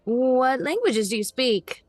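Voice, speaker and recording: A woman narrating as game master of a tabletop game, relaxed and unhurried, with the odd um. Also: sits high, no echo, soft background music.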